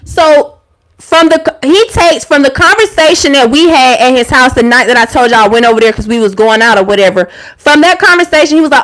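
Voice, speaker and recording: A woman streamer telling a story to her viewers in a profane, animated rant, answering her chat as she goes. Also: high-pitched, a little fast. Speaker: YouTuber and live streamer.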